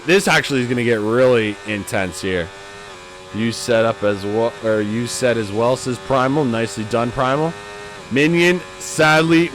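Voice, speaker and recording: A man giving live commentary on a sim race, a bit tipsy, swinging from low mutters to loud excited calls. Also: a little hiss or hum.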